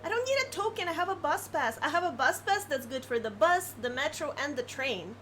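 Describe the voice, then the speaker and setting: A woman's voice: sits high, lively intonation, brisk, fairly bright tone, a little hiss or hum. A woman streaming a game, chatting casually and giggling as she plays. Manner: giggly, chatty while playing.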